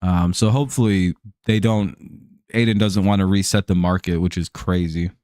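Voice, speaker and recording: Rambling, profane American streamer. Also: male voice, deep voice, fairly even intonation, normal speed, darkish tone, dry recording, clean studio sound. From United States. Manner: rambling, profane, heavy on fillers. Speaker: live stream host. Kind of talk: casual chat over a live baseball game.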